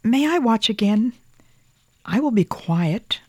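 A reader voicing a quiet, earnest seven-year-old boy who whispers politely in a storybook. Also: medium pitch, animated, slow pace, dry recording, voice pushed up. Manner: soft, hushed pleading whisper.

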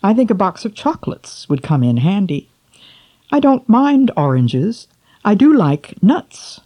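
A woman's voice: mid-range voice, very animated, a little slow, mellow, voice pushed up. A woman voicing a lonely, selfish old king who lists his wishes in a wistful, childlike way, in a storybook reading. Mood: pleading. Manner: childlike, wishful listing of wants.

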